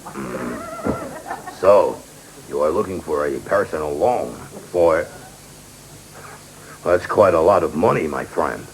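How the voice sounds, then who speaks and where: An actor playing a menacing, godfather-style male bank manager in a TV sketch, with a deep, slow, threatening drawl. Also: animated, heavily acted. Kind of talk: 1980s TV sketch comedy. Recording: noisy old TV broadcast.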